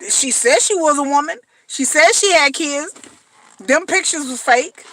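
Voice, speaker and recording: A woman delivers a blunt, slangy vlog commentary, hammering her points home with repetition. Her voice sits high and sounds bright and forceful. The recording is dry and close. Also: measured pace, dry recording. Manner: blunt, emphatic, slangy, repeats phrases. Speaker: reality TV commentator.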